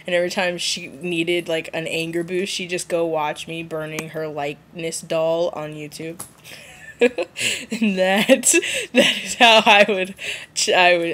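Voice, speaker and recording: A woman vlogging casually, rambling and giggly, with sudden high jumps when she mimics others. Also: a bit bright. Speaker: vlogger answering a viewer challenge. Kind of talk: casual rambling vlog chat.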